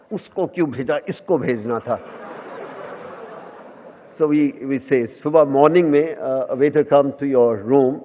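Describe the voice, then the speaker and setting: A man in his fifties with an Indian English accent, giving a humorous lecture full of self-mocking stories and bits of Hindi. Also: on the high side. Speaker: guest lecturer. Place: lecture hall. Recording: echoey hall, tinny phone-like sound.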